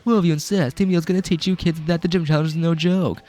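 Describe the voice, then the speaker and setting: A man's voice: fairly high pitch, fairly even intonation, quick pace, darkish tone, soft background music, pitched above the performer's own voice, natural voice. A man voicing a cocky young male gang grunt in a put-on British accent, brash and mocking.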